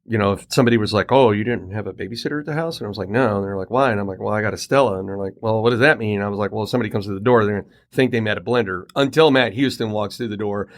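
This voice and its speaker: A middle-aged man hosting a podcast, telling a casual story in an animated way and acting out the quoted lines. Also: fairly low pitch, racing, hardly any pauses. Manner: animated anecdote teller, acts out quoted dialogue. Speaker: podcast host. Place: Colorado home.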